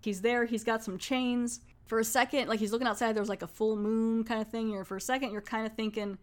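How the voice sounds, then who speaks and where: A woman's voice: on the high side, level tone, brisk. A woman casually reviewing a horror anthology film, retelling scenes in a chatty way with quoted lines. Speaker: movie reviewer.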